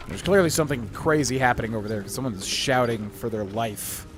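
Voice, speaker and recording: A man's voice: mid-range voice, a little fast, few pauses, faint music behind. A man streaming a role-playing game, chatting casually and reading in-game text aloud. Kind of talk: casual gameplay commentary.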